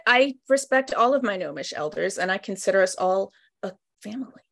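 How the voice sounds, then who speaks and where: Lively bubbly woman player. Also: mid-range voice, fairly quick, creaky. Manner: bubbly, laughs often. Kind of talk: casual tabletop role-play.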